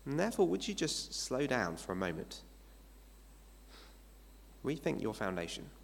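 A man's voice: medium pitch, big pitch swings, normal speed, gravelly, a little hiss or hum. A male pastor giving a sermon in a conversational way, asking his listeners rhetorical questions. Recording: long hall reverb.

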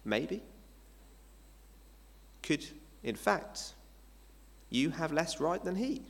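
A man's voice: a little high, sing-song, drawn-out words, breathy edge. Conversational male pastor in a reverberant hall. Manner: conversational preaching with rhetorical questions. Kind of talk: sermon.

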